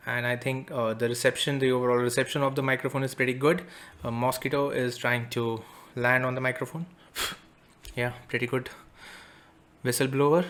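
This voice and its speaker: A man talks through a product review in a relaxed, explanatory way, tossing in playful jokes. He speaks into a desk condenser microphone in a room at home, with an average-pitched voice. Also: moderate pace, pauses often. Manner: casual, explanatory with playful asides. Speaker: tech reviewer. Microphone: desk condenser microphone under test.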